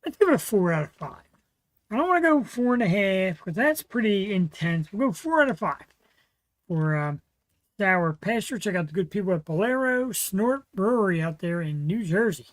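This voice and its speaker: A man's voice: high voice, very animated, moderate pace, no echo, poor audio. A man hosting his own livestream show, chatting casually and rambling with lots of fillers. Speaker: host. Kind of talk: casual solo livestream chat.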